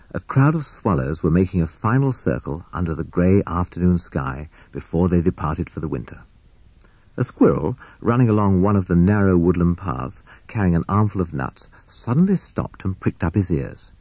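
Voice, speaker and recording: A man reads a children's story aloud with a husky, mellow voice pitched on the low side. His telling is expressive and lively, rising and falling through the tale, and the sound is dry and close. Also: no room sound. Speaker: narrator. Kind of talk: storybook reading.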